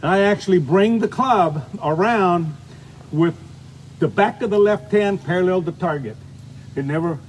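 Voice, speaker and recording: A man's voice: a little high, a little mellow, slight background noise. Folksy older man teaching golf. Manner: folksy, chatty, demonstrating as he talks. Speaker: golf instructor. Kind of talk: on-course golf lesson.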